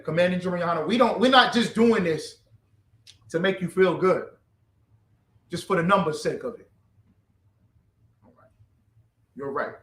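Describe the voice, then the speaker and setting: A man leading a scripture class, animated and bantering with call and response. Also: on the high side. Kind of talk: street-preaching style scripture class. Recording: roomy echo, distant from the mic.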